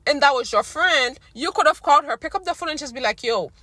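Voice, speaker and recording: A woman's voice: sits high, quick pace, pushed and bright, dry recording. A woman ranting casually to her viewers in a blunt, slangy, exasperated way while she is losing her voice. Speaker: recap vlogger. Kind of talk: casual rant to camera.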